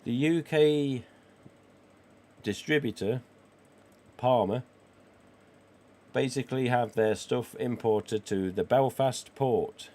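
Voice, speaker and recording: Croaky forty-something man. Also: medium pitch, slow, pauses often, dark tone. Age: 40s. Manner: chatty and cheeky, with casual swearing. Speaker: live stream host. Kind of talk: casual livestream chat reading viewer comments.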